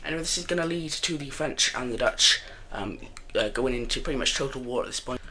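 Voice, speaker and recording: A man's voice: mid-range voice, quick pace, pushed and bright, slight background noise. A young man casually narrating a map game, rambling and joking and often correcting himself as he goes. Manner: rambling, chatty, jokey, often corrects himself mid-sentence. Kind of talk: casual commentary over an alternate-history map game.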